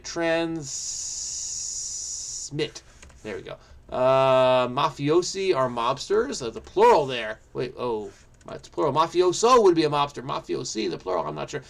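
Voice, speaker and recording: A man hosting his own channel, solving a crossword out loud in a casual think-aloud, frenetic and muttering to himself. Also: a little high, gravelly. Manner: frenetic, muttering to himself, quick bursts then trailing off. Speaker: crossword solver, channel host.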